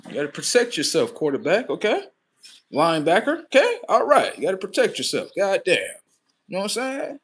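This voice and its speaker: Profane, animated male streamer. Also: on the high side, a little fast, husky. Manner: profane, animated, acts out scenes. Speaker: livestream host. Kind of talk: comedic storytelling monologue.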